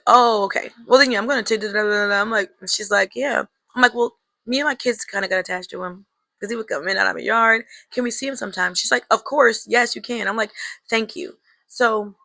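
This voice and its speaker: A young woman tells a story straight to her viewers, chatty and reflective, calling them girl and y'all. Her voice is bright with a gravelly, fry-laden edge. The sound is close and dry. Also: mid-range voice, dry recording. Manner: reflective, draws life lessons. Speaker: vlogger telling a personal story. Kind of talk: casual storytelling to camera.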